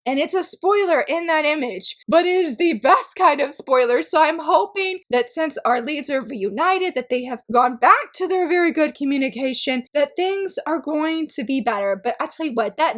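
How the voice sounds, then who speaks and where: A young woman talking to camera about her reading in a chatty vlog. Her voice sits high and gets animated and emotional as she goes. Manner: animated, emotional, squeals with excitement. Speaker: manga reviewer. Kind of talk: casual vlog chat.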